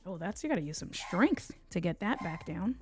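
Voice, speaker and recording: A woman's voice: fairly low pitch, big pitch swings, normal speed, over music. A woman from Puerto Rico hosting a casual livestream unboxing at home, chatting and bantering with viewers in the chat. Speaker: tech livestream host.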